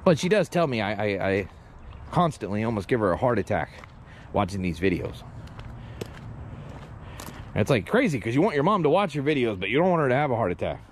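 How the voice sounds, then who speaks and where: A man vlogging as he explores outdoors, excitable and joking, swearing and easily startled. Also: medium pitch, brisk, pauses often, slight background noise. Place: outdoors, roadside ditch and bushes.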